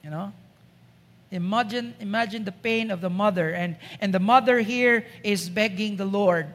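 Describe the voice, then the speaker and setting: A woman's voice: mid-range voice, moderate pace. A woman preaching a sermon in a church, emphatic and asking the congregation rhetorical questions. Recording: echoey church hall.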